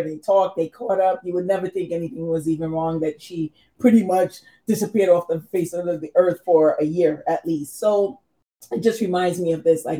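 A woman chatting casually about faith, telling an animated family story and quoting her relatives. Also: medium pitch, rough recording.

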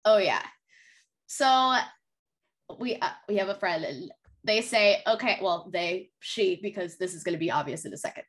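A woman's voice: fairly low pitch, animated, moderate pace. A woman co-hosting a podcast, telling her own stories in candid, self-deprecating casual chat. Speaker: podcast co-host.

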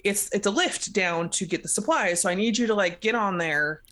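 A woman's voice: medium pitch, moderate pace, a bit bright. A woman in casual chat, animatedly retelling a book's plot, acting out the characters' lines and laughing often. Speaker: podcast co-host recapping a book.

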